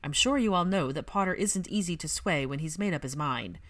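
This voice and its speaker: A woman voicing a reserved young male wizard who speaks in a measured, firm and reluctant way. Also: deep voice, expressive.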